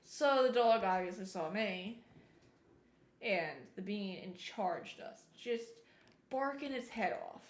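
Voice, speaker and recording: A woman streamer telling a story in a casual, animated way while she plays, now and then breaking off to remark on the game. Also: mid-range voice, slow pace. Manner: chatty, animated retelling, breaks off to comment on the game. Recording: roomy echo.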